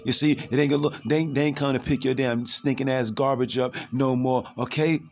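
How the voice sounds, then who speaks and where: A man preaching fervently from scripture, reading verses slowly and then ranting fast in street slang, repeating words as he goes. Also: medium pitch, steady tone, faint music behind.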